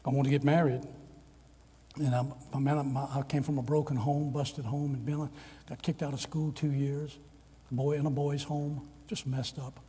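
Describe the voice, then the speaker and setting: A man's voice: mid-range voice, normal speed, husky. An older man preaching a storytelling sermon, acting out the voices in his stories. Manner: animated storyteller, acts out quoted voices. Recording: long reverb of a large hall.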